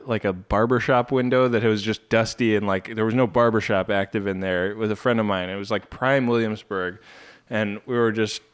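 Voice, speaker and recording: Man, podcast host, casual chat, laughs often, anecdote teller, mid-range voice. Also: mid-range voice. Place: Brooklyn.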